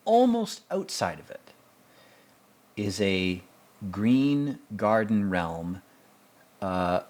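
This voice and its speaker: A man with a fairly low voice talking through a film in loose, off-the-cuff commentary. He rambles, restarts his sentences, and swears bluntly as he goes. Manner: rambling, blunt and profane, with many fillers. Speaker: podcast host. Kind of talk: casual movie commentary.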